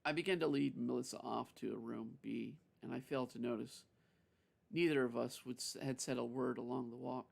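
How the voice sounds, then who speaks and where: Gravelly man reading a story aloud. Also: medium pitch, steady tone. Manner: unhurried reading with self-corrections.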